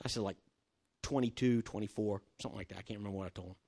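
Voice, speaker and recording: A man's voice: on the low side, rapid-fire, gravelly, darkish tone. An older man preaching, telling a personal story with acted-out dialogue and chuckles. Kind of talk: sermon with personal testimony story.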